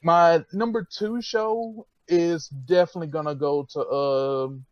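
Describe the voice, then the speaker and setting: A man ranting frankly about what he hates, swearing freely and rambling with plenty of fillers. His voice sits somewhat high and comes through a muffled recording. The sound is close and dry. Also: fairly even intonation, measured pace, dry recording. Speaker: podcast co-host. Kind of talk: casual roundtable chat.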